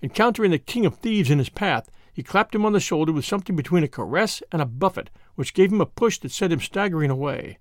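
Expressive male storyteller, dry sound. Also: a little high, fast talker, few pauses, no room sound. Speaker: narrator. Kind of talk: scripted narration of a classic mystery.

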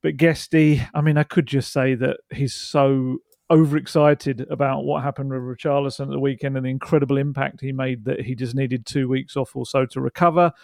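A man with a southern English accent hosting a casual podcast chat, chatty and quick to laugh. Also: mid-range voice, flat delivery, vocal fry, darkish tone, no echo, clean studio sound. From southern England. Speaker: podcast host.

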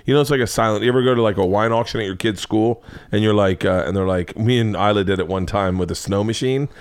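A man in his forties hosting a podcast, telling a story in an animated way, acting out every character and swearing freely. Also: on the low side, fast, smooth. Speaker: podcast host.

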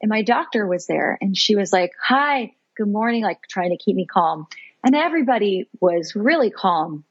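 Woman podcast guest, husky voice, lively storyteller, slightly dull lo-fi recording. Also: medium pitch, moderate pace, dry recording. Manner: animated, laughs often, fillers like "like". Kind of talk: personal storytelling.

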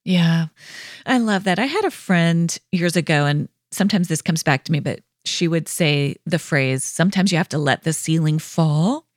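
A woman's voice: deep voice, expressive, normal speed, dry recording, studio quality. A woman hosting a parenting podcast, affirming and encouraging as she talks with her guest. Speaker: podcast host. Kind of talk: podcast interview conversation.

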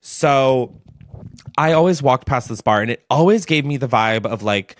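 In studio-quality audio with no room sound, another gossipy storytime comes from a young man hosting his podcast, speaking at normal speed in an expressive, medium-pitched voice. His chatty delivery is full of "like."

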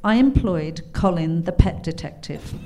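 British woman, 50s, author, lively anecdotes, acts out voices, lowish pitch. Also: measured pace, a little hiss or hum. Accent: British English. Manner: animated, laughing, acts out quotes in character. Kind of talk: anecdotal storytelling at a live book talk.

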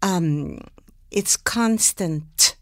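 An older woman, an impressionist and singer, telling animated stories in an interview, laughing often and slipping into impressions. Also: on the low side, drawn-out words, no echo, studio quality. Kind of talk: lively storytelling in a talk interview.

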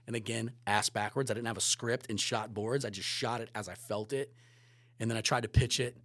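A man in a podcast chat tells his stories with lively energy, swearing freely and acting out what people said. His voice sits at an ordinary pitch, and the recording is dry and close, with no room sound. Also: brisk, dry recording. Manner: animated, swears freely, acts out quotes. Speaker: podcast guest, photographer and director. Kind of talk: casual storytelling chat.

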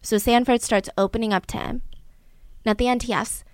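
A woman casually retelling a true crime story, animated, acting out the people she quotes. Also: fairly quick, clean tone, no room sound. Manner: animated, acts out quotes with raised pitch and volume.

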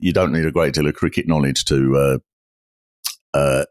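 A male podcast host telling a comic story in a wry, animated way, acting out the dialogue. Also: extremely low pitch, normal speed, dry recording, studio quality.

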